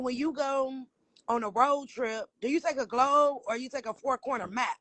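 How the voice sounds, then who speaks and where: A woman's voice: high voice, moderate pace, fairly bright tone, no room sound, low-quality recording. A woman co-hosting a casual livestream, talking emphatically with lots of profanity and frequent laughter. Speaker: livestream co-host.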